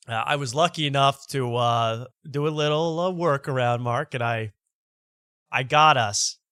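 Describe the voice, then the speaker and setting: Rambling late-night host, bright voice. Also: male voice, mid-range voice, dry recording, studio quality. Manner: rambling, self-interrupting, stammers on repeated words. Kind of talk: casual late-night monologue.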